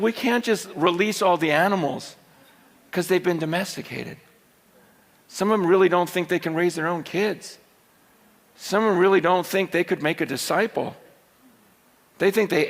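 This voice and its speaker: A high-pitched, gravelly male preacher telling a story in a sermon. His voice rings with a long hall reverb. He starts out chatty and rises to loud shouting.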